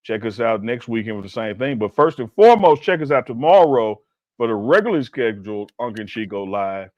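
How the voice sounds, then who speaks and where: A man's voice: mid-range voice, sing-song, fairly quick, darkish tone, no echo, muffled recording. A man co-hosting a casual sports talk show, telling stories with emphatic, laid-back slang. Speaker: co-host.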